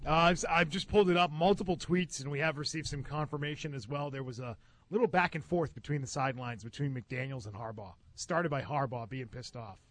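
High-voiced male sports show host. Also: fairly quick, no room sound. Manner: steers segments, reads out tweets. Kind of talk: sports radio talk.

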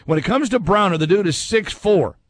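A high-pitched man with lively intonation speaks a little fast, no room sound. He hosts an easygoing sports talk show, chatting conversationally as he reads listener messages and shares his opinions.

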